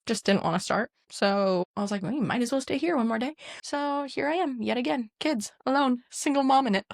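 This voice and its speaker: A young woman co-hosting a casual podcast, a mother of two small children, who chats warmly, laughs often and voices quotes in a bright tone. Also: on the high side, brisk, vocal fry, no echo, studio quality. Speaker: podcast co-host. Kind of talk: casual chat.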